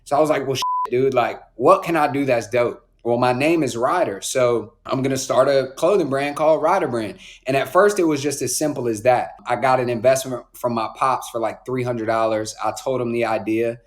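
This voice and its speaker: A man's voice: medium pitch, a little fast, few pauses. Laid-back young man telling stories. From Raleigh, North Carolina. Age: 20s. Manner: laid-back slang, frequent "like" and "bro". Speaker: podcast guest. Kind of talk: casual storytelling.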